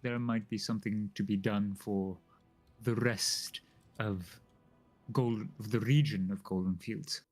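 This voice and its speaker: A man voicing a formal, secretive male dwarf noble who speaks in a measured, hesitant way. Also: fairly low pitch, steady tone, faint music behind. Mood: earnest. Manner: formal, hesitant, fills pauses with "um".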